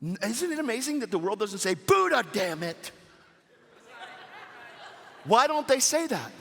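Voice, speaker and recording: A man preaching a sermon at a church service, animated and casual, with slangy asides to the crowd. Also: very high voice, fairly quick, big-room sound.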